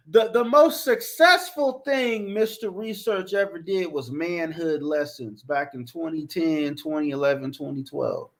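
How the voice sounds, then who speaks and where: High-voiced man ranting in slang. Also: measured pace, few pauses, a bit bright. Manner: profane, repetitive, exasperated. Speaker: commentary vlogger. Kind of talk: casual rant.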